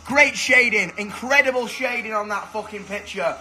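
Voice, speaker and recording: A young man, talking into a phone in his kitchen. His voice sits high and sounds bright and forceful, and he is excitable and swears freely. Faint music plays behind him. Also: moderate pace, low-quality recording. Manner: excitable, swears a lot, shouts at friends. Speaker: musician hosting a livestream. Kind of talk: casual livestream chat. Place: kitchen at home. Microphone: phone camera.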